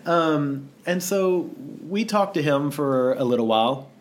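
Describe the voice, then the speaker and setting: A man from the United States co-hosting a podcast in casual chat, telling stories with lots of laughter and quick acted-out quotes. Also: fairly high pitch. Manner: animated storyteller, acts out quotes, laughs often. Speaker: podcast co-host.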